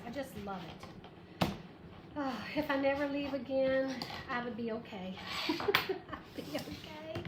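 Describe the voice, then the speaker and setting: A woman hosting a live craft tutorial, chatty and bubbly, greeting viewers by name and counting aloud as she works. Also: high voice. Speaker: craft livestream host. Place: her craft shop. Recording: echoey room with background noise.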